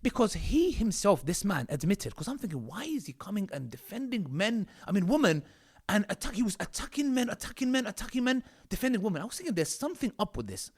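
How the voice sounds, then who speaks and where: A man's voice: high voice, sing-song, quick pace, slightly rough. A man from the UK with a combative, mocking manner, commenting on video clips of his critics. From United Kingdom. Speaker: online commentator.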